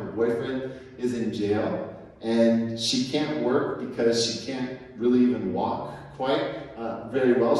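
Emphatic man preaching in echoey church. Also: medium pitch. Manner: emphatic preaching with big swings in loudness. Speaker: pastor. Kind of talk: sermon. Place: church sanctuary. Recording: echoey hall, mic far off.

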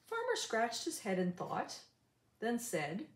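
An older woman reading a rhyming picture book aloud in an animated, sing-song way. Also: fairly high pitch, takes it slowly, reverberant. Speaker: storybook reader.

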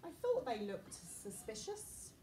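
A woman voicing an excited, suspicious schoolboy wizard in an emphatic read-aloud way, taped from a distance. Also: on the high side, slow pace, roomy sound, slight background noise. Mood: urgent.

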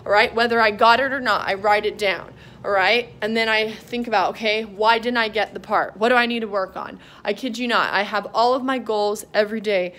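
A woman's voice: mid-range voice, steady tone, a little fast, few pauses, fairly bright tone. A young woman vlogging at home as an aspiring actress, chatting in an upbeat, rambling way and walking from room to room with the camera. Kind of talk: casual motivational vlog. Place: her home, walking between rooms.

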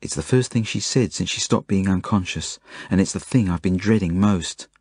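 Reading his own novel aloud in the first person, an Australian man speaks in a low, husky voice with plain, earnest delivery. The pace is normal and the tone a little mellow, recorded dry and close.

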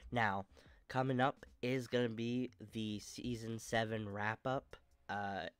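A young man hosting his own channel, talking casually about a sports video game franchise in a stuffy, monotone voice, rambling with many fillers and restarts. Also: slow pace, clean tone. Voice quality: monotone, low energy. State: stuffy nose. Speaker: channel host.

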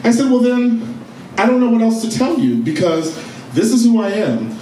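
A man's voice: very high voice, very animated, normal speed, slight background noise. Sassy, brash man in stand-up comedy. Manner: sassy, brash and profane, with loud outbursts. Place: comedy stage before a live audience. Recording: echoey live room from far off, audience.

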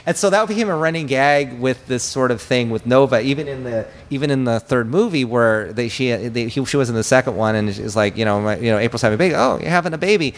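Brief: male director guest, mid-pitched voice, animated storyteller who slips into character lines. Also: brisk, few pauses. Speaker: film director, podcast guest. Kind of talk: casual interview chat.

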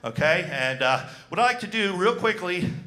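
Animated male stand-up comedian. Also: sits high, moderate pace. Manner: animated, self-deprecating, with frequent fillers. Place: comedy club stage.

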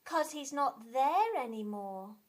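A woman's voice: high-pitched, very animated, slow pace, voice pushed up, full character voice. A woman voicing a curious young puppet who keeps asking questions, heard a little distant. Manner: inquisitive, questioning. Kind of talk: children's TV puppet voice.

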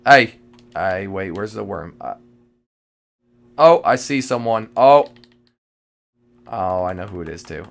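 A man giving live commentary while playing a multiplayer game, jittery and excitable, repeating phrases and breaking into sudden loud outbursts. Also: lowish voice, vocal fry. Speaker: gamer playing a multiplayer survival match.

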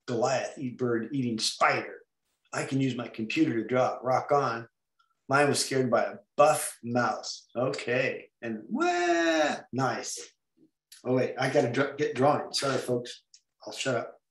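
A man's voice: medium pitch, fairly bright tone, roomy sound. Playful man teaching a comics class. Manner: playful, making silly sound effects while drawing. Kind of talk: online drawing lesson.

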